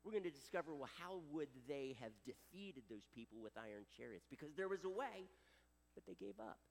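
A man preaching a sermon as a pastor, dramatic and animated. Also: fairly high pitch, brisk, creaky, long reverb tail.

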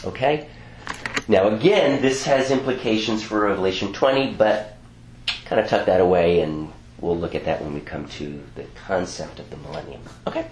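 A man with a fairly low voice delivers a teaching sermon, talking conversationally and correcting himself as he goes. The room rings around him with a faint hum of ambience underneath. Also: moderate pace, darkish tone, echoey room, poor audio. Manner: conversational, frequent asides and self-corrections. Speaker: preacher.

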